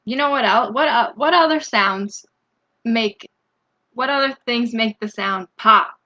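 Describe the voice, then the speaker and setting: A woman reading a picture book aloud to children, gently asking them questions and breaking into loud animal sounds. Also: a little high, lo-fi sound. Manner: slow, gentle, asks the young listeners questions; bursts into loud animal noises. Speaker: storytime reader.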